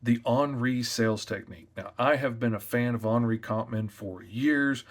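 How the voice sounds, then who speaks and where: A comic artist, a man, giving sales tips in a loud, energetic, chatty way. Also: mid-range voice, moderate pace. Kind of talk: casual tips talk to camera.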